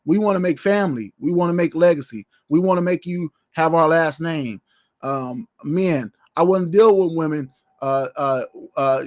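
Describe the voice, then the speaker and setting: A man's voice: a little high, no room sound, clean studio sound. A man preaching a sermon as pastor, in a loose, conversational way, often repeating short phrases.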